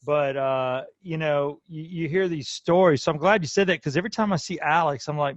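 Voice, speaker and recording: A man's voice: on the high side, fairly quick, few pauses, dry recording, dull audio. A man hosting a podcast, chatting casually as a fan with offhand asides. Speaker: podcast host. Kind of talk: casual chat.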